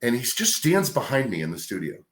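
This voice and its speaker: A middle-aged man, a radio host, telling a career story in a casual, animated way. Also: mid-range voice, fairly quick. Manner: animated anecdote telling with acted-out quotes. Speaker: radio host, podcast guest.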